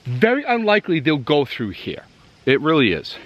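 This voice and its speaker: Male vlogger, Massachusetts accent, slightly high and very animated pitch, rambling and winded outdoors. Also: normal speed, highs cut off. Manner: rambling, chatty, addresses viewers directly. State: out of breath from hiking. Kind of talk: casual rambling tour while hiking. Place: outdoors in the woods.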